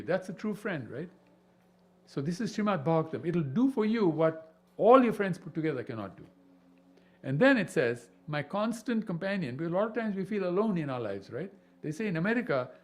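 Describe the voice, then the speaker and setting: A man leads a devotional scripture class with a lively, swinging delivery and a slightly high voice. He keeps checking in with his listeners through rhetorical questions. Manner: animated, peppered with rhetorical questions. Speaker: spiritual teacher.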